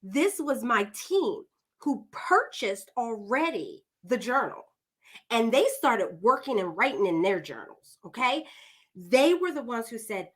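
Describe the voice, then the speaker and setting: A woman's voice: a little high, big pitch swings, unhurried, a bit bright. A woman hosting a podcast, introducing her guest in a chatty, digressive way, often calling listeners "y'all.". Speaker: podcast host.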